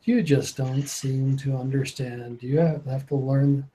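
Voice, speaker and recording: A man voicing a cold, proud female Marazar interrogator who questions slowly and menacingly in a tabletop game. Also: mid-range voice, steady tone, mellow, slightly rough. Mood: scornful.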